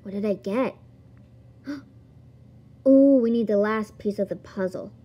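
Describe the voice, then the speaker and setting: A woman's voice: mid-range voice, fairly even intonation, a little fast, breathy edge, lo-fi sound. A woman giggling and exclaiming as she plays a video game and reads its text aloud. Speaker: gamer. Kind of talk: let's-play commentary.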